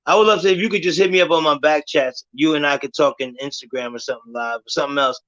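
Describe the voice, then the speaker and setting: A man hosting a live stream, explaining his views in a measured, lecturing way and trying to keep things logical. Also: fairly high pitch, highs cut off. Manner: measured, lecturing, says he wants to stay calm and logical. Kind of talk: casual talk on a live stream.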